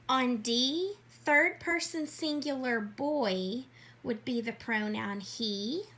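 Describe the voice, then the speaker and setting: Slow, bright-voiced woman teacher. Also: on the high side. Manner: clear, patient explaining. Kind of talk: workbook lesson walkthrough.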